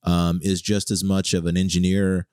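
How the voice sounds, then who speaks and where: A man's voice: low-pitched, level tone, normal speed, a little mellow, clear, resonant tone, dry recording, studio quality. A man hosting a casual podcast chat, musing aloud with hesitant restarts. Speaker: podcast host.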